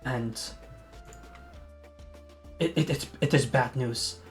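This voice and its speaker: A man's voice: medium pitch, slow, soft background music, natural voice. A man voicing a frail goblin holy man. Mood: earnest. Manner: soft, hesitant, apologetic.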